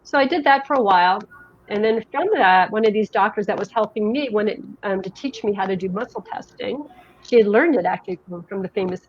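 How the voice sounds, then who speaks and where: A woman's voice: medium pitch, fairly quick. A middle-aged woman from New Jersey talks as an interview guest, chatty and rambling with frequent restarts. The recording sounds dull and lo-fi. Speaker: guest, health education director. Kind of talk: conversational interview, storytelling.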